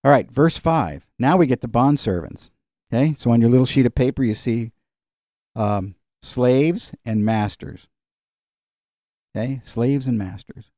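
A middle-aged man speaks at a measured pace in a warm, medium-pitched voice while leading an informal Bible study. Conversational and prone to digressions, he fills pauses, chuckles, and folds personal stories into the teaching. The sound is clean studio audio with no room sound.

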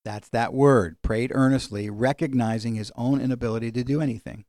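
A man teaching a sermon in a conversational way, slowing down when he quotes scripture. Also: mid-range voice, fairly even intonation, a little mellow, no room sound. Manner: conversational, varies pace for emphasis, slows on scripture. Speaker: pastor.

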